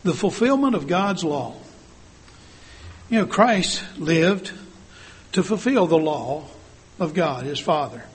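A man's voice: a little high, expressive, slow, pauses often, husky. An older man delivering an earnest sermon, asking the congregation many rhetorical questions. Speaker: church speaker.

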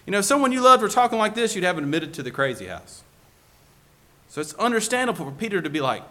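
A man's voice: sits high, big pitch swings, quick pace, sharp tone. A male preacher giving a sermon, asking the congregation one rhetorical question after another.

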